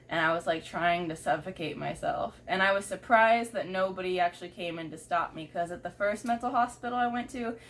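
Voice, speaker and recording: A woman's voice: fairly low pitch, fairly bright tone, slight background noise. A young woman vlogger telling a personal story candidly and bluntly, swearing and laughing things off.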